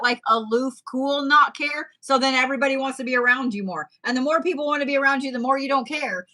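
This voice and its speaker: Brief: woman, tarot reader, loose and profane, bright tone. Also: a little high. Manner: chatty, profane, laughing asides. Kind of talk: casual tarot reading.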